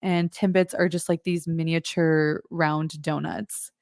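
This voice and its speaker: A woman's voice: sits low, flat delivery, a little slow, creaky, a little mellow, no echo, studio quality. A young woman from Northern Ontario with a Canadian accent, chatting frankly as a reaction video host, explaining things. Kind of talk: casual reaction commentary.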